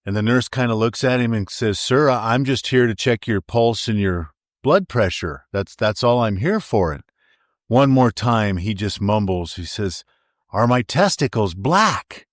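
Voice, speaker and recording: A man with a lowish voice telling a long joke on a podcast, recorded dry and close. He is relaxed and unhurried, and stops now and then to fix his wording. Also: no room sound. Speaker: podcast co-host.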